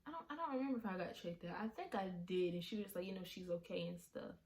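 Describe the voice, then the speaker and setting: Her voice mid-range, sing-song and darkish in tone, a woman vlogger shares an emotional story about a frightening event she relives. She falters often, stumbling through fillers and restarts and sounding shaken.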